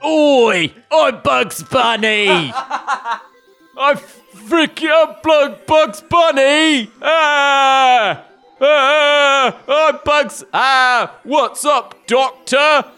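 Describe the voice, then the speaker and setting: Bugs Bunny, as a man hams him up, shrill and shouty. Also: drawn-out words, faint music behind, full character voice. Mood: goofy. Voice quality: shrill, strained, laughing through it. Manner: clumsy, half-remembered impression, shouted. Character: cartoon rabbit, brash and wisecracking, male.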